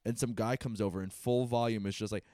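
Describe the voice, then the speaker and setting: A man, a stand-up comedian co-hosting a podcast, telling stories in casual, profane, animated chat. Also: on the low side, fast, no echo, studio quality.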